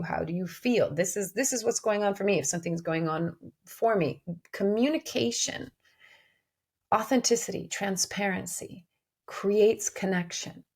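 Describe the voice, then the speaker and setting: Gravelly, earnest woman musing aloud. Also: mid-range voice, darkish tone. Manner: earnest, searching, with frequent restarts. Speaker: podcast host. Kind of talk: reflective spiritual podcast monologue.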